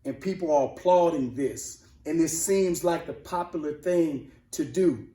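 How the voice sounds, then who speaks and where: High-voiced, emphatic male preacher. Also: unhurried, roomy sound. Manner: emphatic, repeats lines for emphasis, swings from shouting to hushed. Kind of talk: sermon-style motivational talk.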